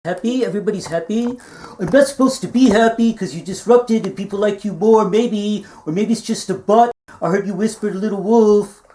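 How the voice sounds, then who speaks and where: A man playing a vain, excitable podcaster. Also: sits high, moderate pace, close to an everyday voice. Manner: self-absorbed, exclaiming often. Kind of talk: low-budget comedy film acting. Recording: roomy echo.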